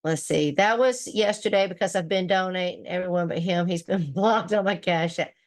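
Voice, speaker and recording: At a normal speed and in a lowish voice, a livestream host reads comments from her viewers. She laughs a lot and answers them bluntly, swearing freely throughout the casual stream.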